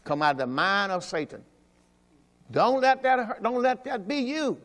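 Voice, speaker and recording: A man pastor preaching a Sunday sermon, swinging between loud exhortation and quiet asides. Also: high voice, animated, normal speed. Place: church during a Sunday service. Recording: long reverb from a church hall.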